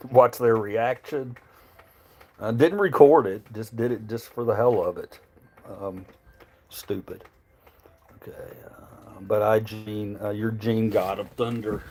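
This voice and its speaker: A man's voice: on the low side, takes it slowly, long pauses, a little mellow. Southern-accented man rambling on a livestream. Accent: Southern US, Tennessee. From Memphis, Tennessee. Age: adult, married. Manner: rambling, profane, reads viewer chat aloud. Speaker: livestream host. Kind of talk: casual livestream chat.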